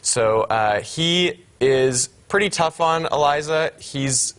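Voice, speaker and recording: A young man, a student actor, explaining his character in a measured, thoughtful way during a TV interview. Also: fairly high pitch, fairly bright tone, clean tone. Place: TV studio.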